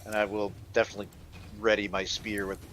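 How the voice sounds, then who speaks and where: A man's voice: lowish voice, level tone, quick pace, a bit bright, a little hiss or hum. A man playing a tabletop game, thinking aloud about what his character does. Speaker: player.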